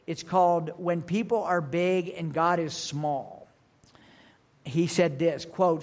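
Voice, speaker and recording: A male pastor with a fairly high voice preaches earnestly, leaning on personal stories and repeating his main points. His words ring out with a long reverb, as from a large church sanctuary. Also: slow pace. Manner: earnest storytelling, repeats key lines. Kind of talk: sermon.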